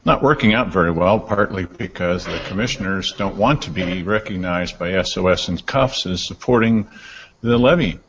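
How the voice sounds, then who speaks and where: A man's voice: sits low, normal speed, a bit bright, slight background noise. A man giving prepared public comment at a meeting, pointed and accusing. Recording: dull, reverberant meeting hall.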